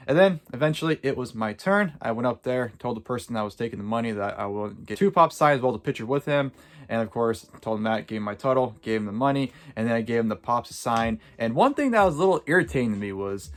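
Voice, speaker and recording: A man vlogging, telling a story casually in a rambling way full of "like" and "uh". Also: medium pitch.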